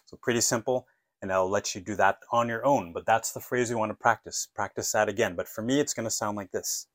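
A man teaching an English lesson, modeling phone phrases clearly and patiently asking listeners to repeat after him. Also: lowish voice, fairly even intonation, a little fast, no room sound.

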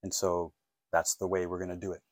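A middle-aged man teaches an online English lesson in a low, patient voice. He encourages learners to repeat phrases after him. The sound is dry and close, with no room echo. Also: little pitch movement, fairly quick.

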